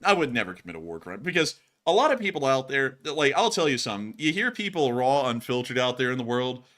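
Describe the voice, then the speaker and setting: A man's voice: medium pitch, big pitch swings, quick pace, fairly bright tone. A man hosting a live stream, chatting loosely with many fillers and laughs as he answers donations. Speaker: host. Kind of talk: casual live-stream chat reading donations.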